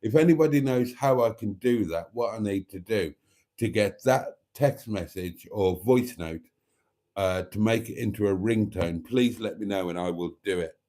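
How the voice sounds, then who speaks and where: A man's voice: lowish voice, mellow. A middle-aged man, chatting camply as he hosts a late-night live stream and reads out viewer comments.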